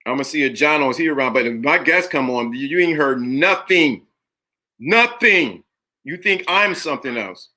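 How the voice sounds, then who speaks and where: A livestream host with a sharp, somewhat high-pitched voice speaks at normal speed with lively intonation. He runs a live-streamed talk show, talking emphatically, greeting chat viewers by name, and repeating phrases for effect.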